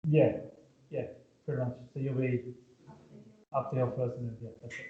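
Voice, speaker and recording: A man's voice: mid-range voice, fairly even intonation, moderate pace. A man teaching a maths class in a casual way, often checking in with his students. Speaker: maths tutor. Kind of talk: classroom lesson. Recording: echoey room, dull lo-fi sound.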